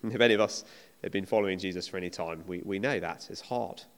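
A man's voice: low-pitched, fast. A man preaching a sermon in an earnest, emphatic, conversational way. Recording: long reverb of a hall.

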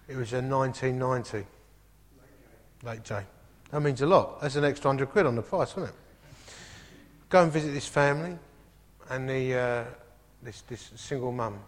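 A man, a pastor telling stories from the pulpit with comic asides and lively storytelling. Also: medium pitch. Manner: animated anecdotal, comic asides. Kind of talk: storytelling sermon. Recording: echoey hall.

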